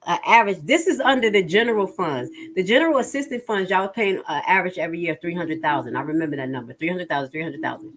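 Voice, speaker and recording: This livestream host has a fairly low, somewhat bright voice. Blunt and exasperated, she works through budget numbers in a casual stream and reads the chat out loud.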